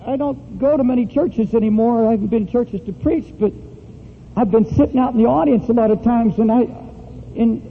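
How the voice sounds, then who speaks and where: A middle-aged man preaching a sermon with impassioned delivery that swings between high and low emphasis. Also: fairly quick, a little hiss or hum. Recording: dull lo-fi recording in a reverberant hall.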